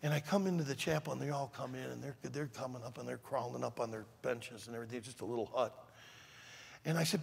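A man preaching a storytelling sermon to a youth conference in an animated, dramatic way. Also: medium pitch, quick pace, vocal fry, slightly rough. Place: large church auditorium. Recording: reverberant large hall.

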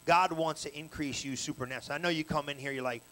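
A man preaches at a church service, his voice sitting notably high for a man. He tells stories in loose, slangy talk and builds to loud, energetic bursts. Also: quick pace, a little hiss or hum, low-quality recording. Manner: colloquial, story-telling preaching with slang. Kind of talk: sermon.

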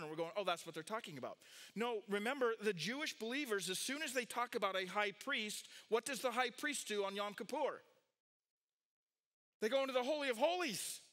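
A man preaching a sermon, swinging between loud, emphatic points and quiet asides. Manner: animated preaching, rising loud on key points, dropping low and quiet for asides. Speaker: pastor.

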